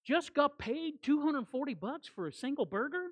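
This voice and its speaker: Her high voice carries a sermon she is delivering as a guest preacher, at a moderate pace. Animated, she repeats herself for emphasis, and homey conversational asides interrupt the message.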